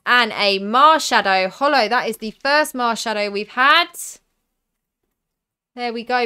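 A young woman from the south of England hosts a live stream, talking through each card she pulls and answering viewers' comments. Her voice is bright and smooth. She speaks at an unhurried pace. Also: mid-range voice. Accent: southern English. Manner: chatty, reads out cards and viewer comments. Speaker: streamer opening card packs.

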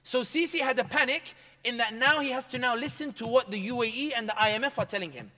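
A man telling a story to a room in a fast, emphatic way, slipping Arabic phrases into his speech. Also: very high voice, sharp tone, long reverb tail. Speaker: public speaker. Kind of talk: animated storytelling talk.

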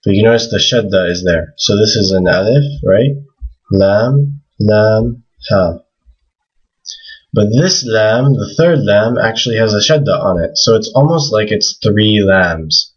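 A man with a very low, slightly husky voice explains a lesson in a relaxed, casual way, pausing on fillers and slowly repeating words to model them. The recording sounds dull and lo-fi. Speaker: language teacher.

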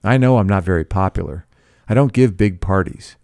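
A man's voice: low voice, brisk, vocal fry, a little mellow, no echo, clean studio sound. A man reading the part of an arrogant, scornful rich husband, with a sneering, incredulous delivery.

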